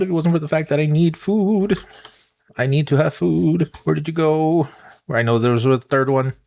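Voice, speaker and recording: A man's voice: a little high, moderate pace, creaky. A man hosting a gaming channel, rambling and talking to himself while he plays. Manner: rambling, animated, talks to himself while playing. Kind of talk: casual gameplay commentary.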